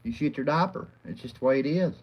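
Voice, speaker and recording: A man's voice: mid-range voice, quick pace, lo-fi sound. A man hosting a rambling, profane live chat, often laughing and calling out viewers by name. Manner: crude, profane, rowdy, laughs a lot. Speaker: livestream host.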